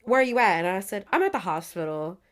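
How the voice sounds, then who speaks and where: A woman guest on a podcast, telling stories in a lively, blunt way with laughter and casual swearing. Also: mid-range voice, quick pace. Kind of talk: casual interview chat.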